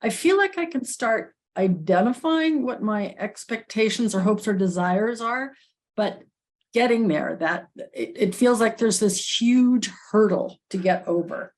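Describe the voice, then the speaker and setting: A woman sharing something personal in a group session, halting and tearful, restarting often and laughing nervously. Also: mid-range voice, lively intonation, darkish tone. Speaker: workshop participant.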